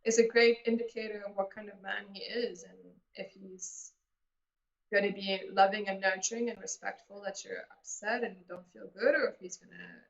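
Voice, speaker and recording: A woman's voice: mid-range voice, vocal fry, a bit bright. A woman, a relationship coach, giving earnest, explanatory advice in a casual interview over a video call. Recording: muffled, echoey room.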